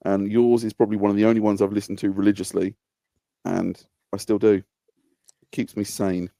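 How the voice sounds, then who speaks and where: Gravelly low-voiced man chatting. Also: little pitch movement, fairly quick, dark tone, dry recording. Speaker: detailing channel guest. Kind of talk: casual podcast chat.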